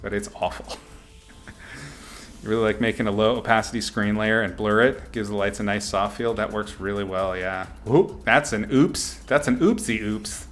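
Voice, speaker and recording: A young man casually talking through his painting on a live stream, relaxed and chatty, reading out viewers' names and laughing often. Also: on the low side. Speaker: artist streaming a painting lesson.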